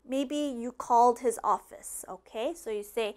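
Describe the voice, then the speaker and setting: A patient woman teaches English at a deliberately slow pace, saying each phrase twice and checking in often. Her voice sits a little high. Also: darkish tone. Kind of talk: slow classroom explanation. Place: classroom with a board.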